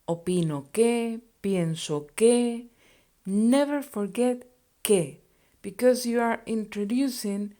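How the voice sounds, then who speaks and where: Woman teacher, slow, methodical lesson delivery. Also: medium pitch, mellow. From Spain. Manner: slow and deliberate, explaining phrases and conjugations. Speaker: Spanish teacher. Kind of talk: scripted language lesson.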